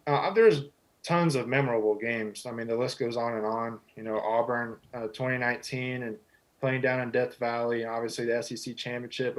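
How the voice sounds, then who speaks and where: A man's voice: medium pitch, low-quality recording. A man in his twenties from Texas, a quarterback answering interview questions in an easygoing, humble way with many "you know" fillers. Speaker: guest, football quarterback.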